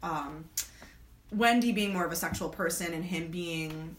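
A woman co-hosting a podcast in casual chat, animated and laughing, acting out lines from a book and movie. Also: lowish voice, a little slow, roomy sound. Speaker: podcast co-host.

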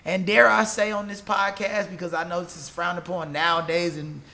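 A man's voice: sits high, normal speed, creaky. A man in his forties, a gym owner and Muay Thai trainer, telling stories as a podcast guest with lots of laughter. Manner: animated, laughing storyteller.

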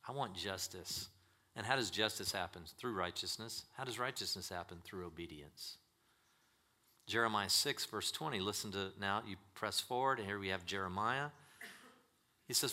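A pastor preaching a sermon in a church, emphatic and swinging between loud declarations and hushed asides. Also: male voice, lowish voice, moderate pace.

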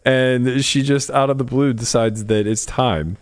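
A man's voice: medium pitch, fairly even intonation, measured pace. A man hosting a casual chat, teasing and telling stories. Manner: teasing, storytelling. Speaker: podcast host.

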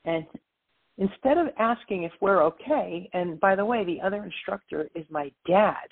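A woman guest telling a lively story about her life in an interview, acting out the voices of others as she goes. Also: mid-range voice, normal speed, creaky, breathy edge. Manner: animated storyteller, quotes voices. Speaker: author and guest. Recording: tinny phone line.

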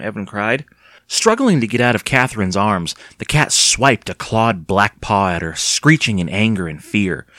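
A man narrating an audiobook in an expressive, dramatic storytelling manner. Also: fairly low pitch, no echo, clean studio sound. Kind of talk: audiobook reading.

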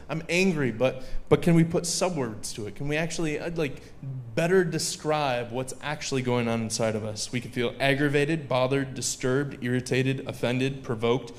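Man preaching casually to a crowd. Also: mid-range voice. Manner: conversational, joking asides with the audience. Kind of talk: sermon. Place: live venue with audience.

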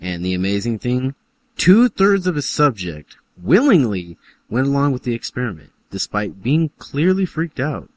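A man's voice: mid-range voice, very animated, moderate pace, darkish tone. A man co-hosting a casual podcast, reading an article aloud and adding dry jokes. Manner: reads aloud with dry jokes and sudden laughs.

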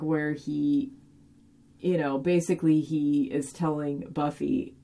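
A woman casually recapping a TV episode, animated and full of fillers, swearing now and then. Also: low voice, takes it slowly. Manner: chatty and animated, heavy fillers and occasional swearing. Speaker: podcast host recapping a TV episode. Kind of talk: casual chat.

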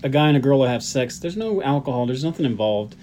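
A man's voice: mid-range voice, animated, fast, dark tone, slight background noise. A man co-hosting a podcast, adding dry, wry comments to the conversation. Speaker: podcast co-host. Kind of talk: casual chat.

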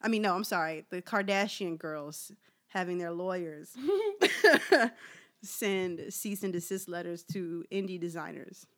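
A woman's voice: on the low side, animated, takes it slowly, a bit bright. A woman co-hosting a podcast in casual chat, reacting with frequent exclamations and laughter. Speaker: podcast co-host.

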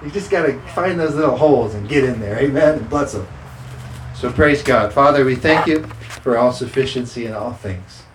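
A man's voice: mid-range voice, expressive, normal speed, noisy background. A man preaching a sermon as pastor, emphatic and repeating scripture declarations. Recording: roomy sound with faint ambience.

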